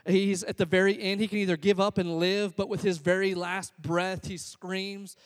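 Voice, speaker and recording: A man's voice: high-pitched, flat delivery, normal speed, in a large hall. A man preaching a sermon in an earnest, conversational, self-deprecating way. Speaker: pastor.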